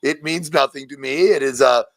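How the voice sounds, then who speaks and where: A man plays a foul-mouthed alien monster frontman: gravelly, brash, bursts into shouted rants, dry close sound. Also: medium pitch, moderate pace, no echo, natural voice. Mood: sardonic. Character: crude ranting male alien monster rock frontman. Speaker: singer in an interview clip.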